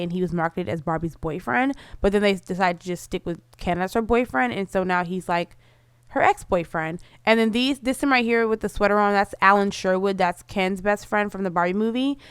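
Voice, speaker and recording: A woman talks through her life-simulation game in a loose, bubbly way, leaning on "like" and laughing at her own jokes. Her voice is smooth and clear, with a mid-range pitch. It is recorded close and dry, with no room sound. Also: no room sound. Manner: chatty, bubbly, lots of "like" fillers. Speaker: gameplay commentator. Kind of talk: casual game commentary.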